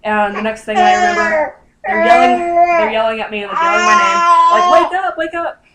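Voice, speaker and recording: A woman's voice: very high-pitched, a little fast, heavy background noise. A young woman casually telling a personal story to her viewers, chatty and full of fillers, acting out what people said. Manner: chatty, lots of fillers, animated quoting. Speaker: vlogger.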